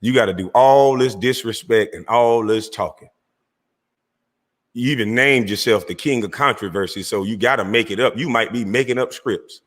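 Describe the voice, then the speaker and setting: A man's voice: medium pitch, normal speed, a bit bright, in a large hall. A man hosting his own livestream, delivering a heated, mocking call-out aimed straight at a rival. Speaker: livestream host. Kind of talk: confrontational call-out rant.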